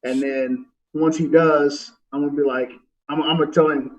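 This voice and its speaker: A man taking his turn in a tabletop game, laying out his character's moves slowly and deliberately. His voice is a bit high for a man and sounds set back from a dull, muffled mic. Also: fairly even intonation, far from the mic. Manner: deliberate, describes actions step by step. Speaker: player. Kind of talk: tabletop role-play.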